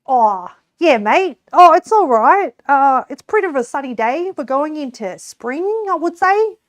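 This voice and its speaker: A woman's voice: sits high, animated, a little slow, no echo, clean studio sound, pitched above the performer's own voice. A woman with an Australian accent voicing a friendly, easygoing rural Australian local in an exaggerated, chirpy drawl. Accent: broad rural Australian.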